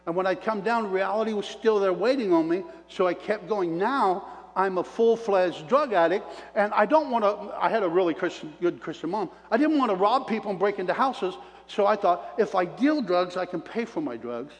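High-voiced man preaching in an echoing hall. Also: normal speed, hardly any pauses. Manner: animated storyteller with preacher call-outs to the crowd; folksy self-described redneck talk. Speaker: preacher giving his testimony. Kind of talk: sermon testimony. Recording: long reverb of a large hall.

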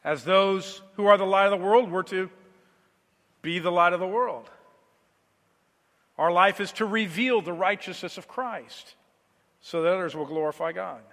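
A man preaching a sermon, moving between quiet, low passages and loud, emphatic declarations. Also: normal speed, long pauses, long reverb tail.

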